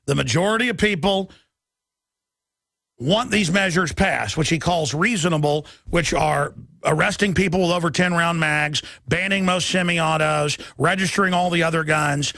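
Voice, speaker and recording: A man hosting a political talk show, ranting with impassioned, rapid-fire delivery that swings up into shouting. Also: a little high, vocal fry, no echo, clean studio sound. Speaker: talk radio host.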